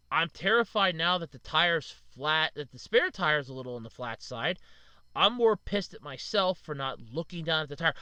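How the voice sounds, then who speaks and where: A man's voice: a little high, bright, forceful tone, no echo. A man in his thirties hosting a casual solo podcast, venting in frustration and blaming himself, with lots of "uh". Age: 30s. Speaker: podcast host.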